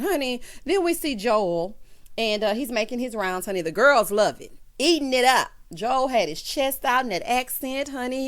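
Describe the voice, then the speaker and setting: A young woman talks through a reality show recap with sass, tossing in honey and child. Her voice sits fairly high and swings widely in pitch. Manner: sassy, animated, calls viewers honey and child. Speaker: YouTube recap host.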